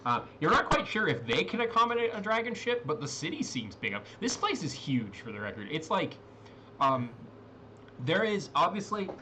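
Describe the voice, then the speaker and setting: A man's voice: high-pitched, big pitch swings, moderate pace, noisy background. A man narrating a tabletop role-playing game as game master, rambling with many fillers and restarts.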